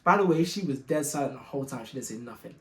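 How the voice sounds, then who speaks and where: A young man telling a personal story in a casual, animated, slangy way, often exasperated and quick to laugh. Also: mid-range voice, reverberant.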